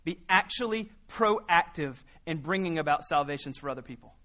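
Bright-voiced man preaching earnestly. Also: a little high, expressive, normal speed. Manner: earnest, builds emphasis through repetition. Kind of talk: sermon.

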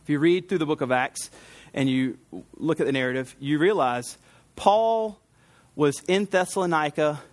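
Chatty preacher with a higher male voice. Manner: chatty, storytelling, with quick asides and laughs. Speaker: pastor. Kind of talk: conversational sermon.

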